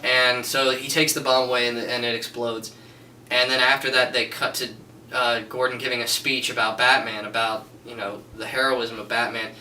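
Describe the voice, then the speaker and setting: A man's voice: mid-range voice, flat delivery, normal speed, sharp tone, reverberant, far from the mic, a little hiss or hum, low-quality recording. A man giving a casual spoken film review, gushing and rambling with many restarts and fillers. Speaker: movie reviewer.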